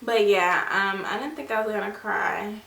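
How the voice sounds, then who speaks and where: A young woman with a bright, slightly gravelly voice chats to her viewers as she tells a personal story. She talks casually and acts out other people's lines as she goes. The sound is roomy and a little distant, with a faint hum of the room behind her. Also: mid-range voice, normal speed. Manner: chatty, addresses viewers as "you guys" and "y'all". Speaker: vlogger. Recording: echoey room, mic at a distance.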